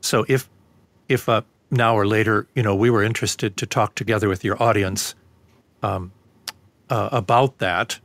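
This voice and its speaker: A man speaks as a guest in an interview, talking in a measured, lecturing manner that is full of ums and uhs. His voice sits on the low side. The recording is dry, with no room sound. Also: steady tone, fairly bright tone, dry recording. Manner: measured, lecturing, with many fillers. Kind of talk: conversational interview.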